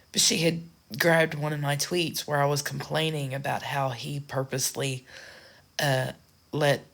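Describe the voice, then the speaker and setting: A woman's voice: rumbling low, vocal fry. A woman from the United States talking frankly and ramblingly in a casual vlog. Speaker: social media creator.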